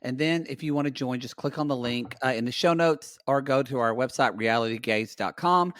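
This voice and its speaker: A man's voice: mid-range voice, a little fast, a bit bright. A man co-hosting a reality TV podcast, teasing his co-host and swearing freely in casual chat.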